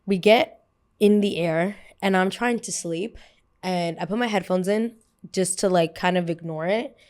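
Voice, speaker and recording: A podcast host with a slightly low female voice tells a story in a casual, chatty way. She's animated and fast, keeping things moving with quick asides and lots of "like."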